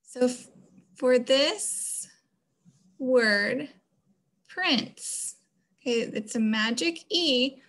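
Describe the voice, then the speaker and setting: Slow, patient teacher, a woman. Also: sits high, fairly bright tone. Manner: slow, patient, explaining step by step. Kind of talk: phonics lesson for children.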